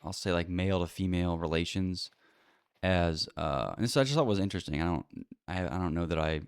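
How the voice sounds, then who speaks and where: Guy with a really low voice ranting casually on his own show, lots of likes and you knows, dry close sound. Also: animated, fairly quick, clean tone, no room sound. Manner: rambling, blunt, with frequent fillers and restarts. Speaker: podcast host. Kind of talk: casual solo commentary.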